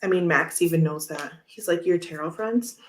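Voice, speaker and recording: Chatty woman with a lowish voice. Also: normal speed, slight background noise. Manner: chatty, rambling, laughs often. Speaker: tarot livestream host. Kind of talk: casual chat while handling cards.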